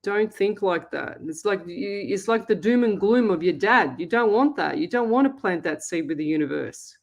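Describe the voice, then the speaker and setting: A woman's voice: mid-range voice, lively intonation, moderate pace. A middle-aged Australian woman, a psychic medium hosting a live call-in show, talking in a chatty, blunt and scolding way. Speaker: psychic medium radio host. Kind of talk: live call-in reading, casual chat.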